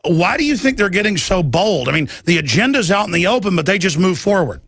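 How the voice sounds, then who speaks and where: A male radio talk show host interviewing a guest, speaking in a rambling, emphatic and excitable way. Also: sits high, a little fast, dry recording, studio quality.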